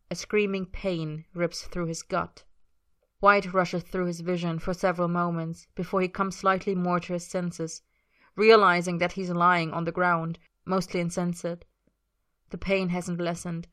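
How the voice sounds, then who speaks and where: A woman reading a story aloud in a measured, emotive way. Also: on the low side, a bit bright. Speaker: story reader. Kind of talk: audiobook-style fiction reading.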